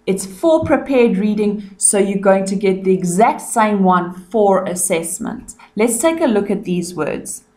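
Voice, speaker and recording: South African woman, teacher, slow, patient, clear explanations, recorded lesson. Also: mid-range voice, lively intonation, dark tone. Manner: clear, patient, explains each word slowly.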